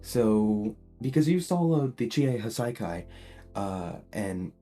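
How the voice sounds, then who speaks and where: A man voicing a cheerful small male animal school principal, announcing news briskly in a casual retelling. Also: lowish voice, expressive, warm tone, soft background music. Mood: upbeat.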